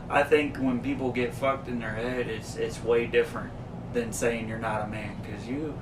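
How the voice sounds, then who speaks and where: A man's voice: mid-range voice, reverberant, far from the mic, noisy background. A man hosting a podcast, chatting crudely and swearing constantly, with bursts of silly voices. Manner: swears constantly, jumps into silly put-on voices while telling stories. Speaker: podcast host. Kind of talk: crude casual chat.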